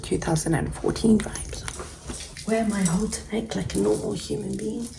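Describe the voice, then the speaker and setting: A young woman in a whispered role-play as a chatty, easily distracted hairstylist, drifting between soft talk and whispers. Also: medium pitch, a little slow, vocal fry. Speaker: ASMR creator playing a hairstylist. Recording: noticeable background noise.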